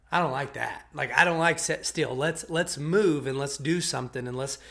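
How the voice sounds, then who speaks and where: A man's voice: a little high, moderate pace, vocal fry, a bit bright. A man preaching in a casual, conversational way, retelling a Bible story and often checking in with his listeners. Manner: conversational, checks in with "okay?" and "right?"; repeats and restarts words as he retells.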